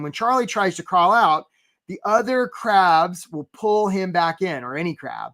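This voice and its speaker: A man coaching job seekers in a live webinar, animated and talking straight to viewers by name, acting out little scenes in quoted voices. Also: high-pitched, normal speed. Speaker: career coach.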